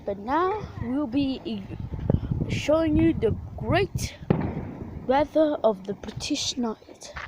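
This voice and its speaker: Slow-talking defiant woman filming outdoors. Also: high-pitched, expressive, background noise. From Portugal. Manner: rambling, defiant, swears casually. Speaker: vlogger. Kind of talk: casual rambling vlog. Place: outdoors at night during fireworks.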